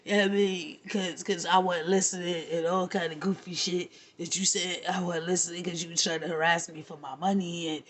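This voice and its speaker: Husky woman ranting profanely. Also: lowish voice, fairly quick, few pauses. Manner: animated, profane storytelling with laughs. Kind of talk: casual rant to camera.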